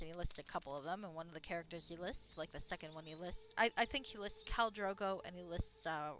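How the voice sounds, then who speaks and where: Bright-voiced chatty woman streamer. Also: on the low side, fast, few pauses. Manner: chatty, digressive, swears casually, laughs often. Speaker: game streamer. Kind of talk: casual rambling commentary while playing.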